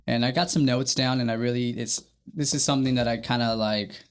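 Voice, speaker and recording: Gravelly-voiced man sharing earnestly. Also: medium pitch, steady tone. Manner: earnest, halting, many fillers. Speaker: podcast co-host. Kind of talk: candid faith podcast chat.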